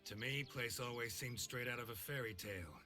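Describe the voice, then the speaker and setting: An actor playing a gruff, weary middle-aged monster hunter in a video game, speaking in terse, dry, understated lines. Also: male voice, medium pitch, brisk, over music, close to an everyday voice.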